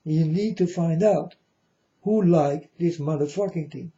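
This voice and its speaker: A self-styled spiritual speaker rambles slowly through a casual, profanity-filled monologue, frequently saying "you know", his English showing non-native grammar. His fairly high voice is very dark and heavy with fry. The recording is dull and lo-fi.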